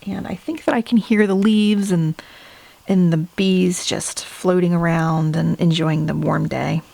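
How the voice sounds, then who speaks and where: Woman, middle-aged, low voice, gravelly, casual sketchbook flip-through, self-deprecating. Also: fairly even intonation, unhurried, warm tone. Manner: chatty, self-deprecating, laughs at herself. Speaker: artist showing her sketchbook.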